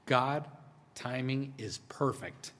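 A male pastor delivering a sermon at a medium pitch, talking to his congregation like a friend. He drops to hushed, slow phrases, then pushes out excited lines. His voice rings with the long reverb of a large church sanctuary. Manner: conversational preaching, swings between hushed and emphatic.

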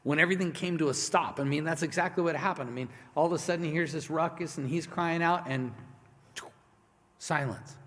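A pastor preaches with fervor, dropping to a hush and then rising to loud, urgent lines. His voice sits a little high for a man. The sermon rings out in a large sanctuary with long reverb. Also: brisk. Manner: impassioned preaching, swinging from hushed to loud.

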